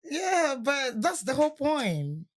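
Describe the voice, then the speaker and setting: A woman co-hosting a casual podcast chat. Her pitch swings widely as she talks, and her tone is blunt and direct. She laughs easily between points. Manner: blunt, quick to laugh, animated. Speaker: podcast co-host.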